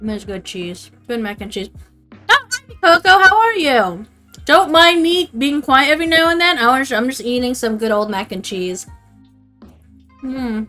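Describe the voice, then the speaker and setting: A woman's voice: fairly high pitch, animated, normal speed, sharp tone, faint music behind. A young adult woman chatting casually on a livestream, rambling and swearing freely. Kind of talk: casual stream chat.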